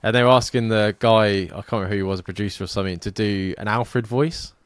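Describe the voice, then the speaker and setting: A man's voice: lowish voice, fairly even intonation, fast talker, clear, resonant tone, dry recording, clean studio sound. A man co-hosting a podcast in casual, rambling, sweary chat. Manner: rambling, sweary, laughs a lot. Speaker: podcast co-host.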